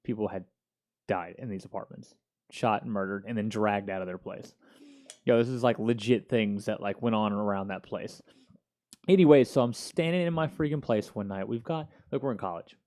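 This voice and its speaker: A man in his thirties hosting a casual talk show, telling a story in an animated, slangy way. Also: fairly low pitch, normal speed. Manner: slangy, animated, peppered with "dude" and "yo". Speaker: podcast host.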